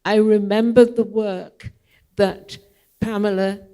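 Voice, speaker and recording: An older woman speaking to a theatre audience as a guest, telling long anecdotes in an unhurried, digressive way, with frequent ums. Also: mid-range voice, fairly even intonation, warm tone. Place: theatre hall, public event.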